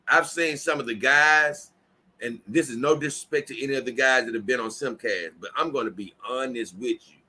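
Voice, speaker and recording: Here a tired man hosts a casual livestream with a bright, forceful, medium-pitched voice. He reads viewers' comments out loud, rambling on and frequently repeating or restarting himself.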